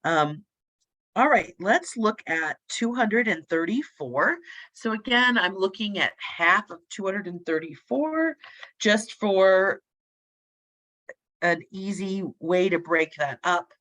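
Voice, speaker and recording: A woman math instructor working problems aloud in a casual, sleepy lecture, thinking out loud as she goes. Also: medium pitch, expressive, takes it slowly. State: sleepy, yawning.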